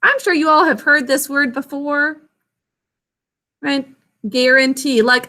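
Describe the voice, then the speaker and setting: A woman teaching spelling over a video call, her voice pitched a little high and bright. She speaks slowly and carefully, breaking words into syllables for young pupils. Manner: slow, clear, sounding words out syllable by syllable. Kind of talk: online class lesson, spelling instruction.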